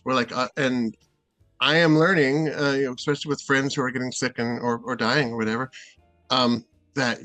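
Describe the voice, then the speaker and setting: A man's voice: mid-range voice, fairly bright tone, no echo. A middle-aged man from Seattle, a guest in a casual interview, rambling and hesitant with many fillers and restarts. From Seattle, USA.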